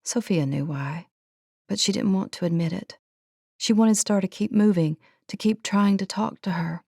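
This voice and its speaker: A woman narrating an audiobook in a measured, earnest storytelling manner. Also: medium pitch, gravelly, a little mellow, breathy edge, no echo, clean studio sound.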